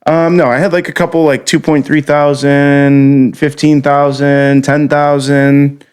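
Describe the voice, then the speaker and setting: A man's voice: fairly high pitch, level tone, measured pace, a little mellow, clean tone. A man in his thirties hosting a podcast, in loose casual chat full of swearing and "dude". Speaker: podcast host.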